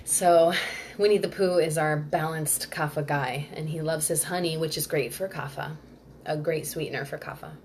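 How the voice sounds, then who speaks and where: A woman's voice: deep voice, steady tone, normal speed, a little mellow, slight background noise. A woman hosting a live-streamed workshop in a loose, chatty way, answering viewer comments as she goes. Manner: loose and rambling, full of "like" and restarts. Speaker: Ayurveda workshop host.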